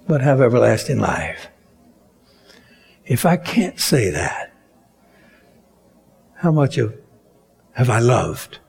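A man delivers a sermon at an unhurried, measured pace. His voice has a gravelly, husky grain. He builds to strong emphasis on key words and then drops back down. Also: medium pitch, sing-song, a little mellow. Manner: slow, deliberate preaching with rising emphatic peaks. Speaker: preacher.

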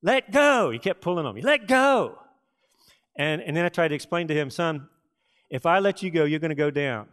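Middle-aged pastor guy from texas preaching, folksy stories, slightly high voice, lots of pauses. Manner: storytelling with folksy asides and dramatic pauses. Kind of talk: sermon.

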